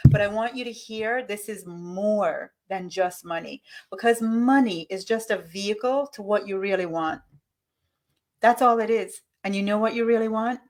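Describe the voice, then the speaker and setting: A woman hosting a live money-mindset coaching session, talking straight to her viewers in an enthusiastic, motivational way. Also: medium pitch.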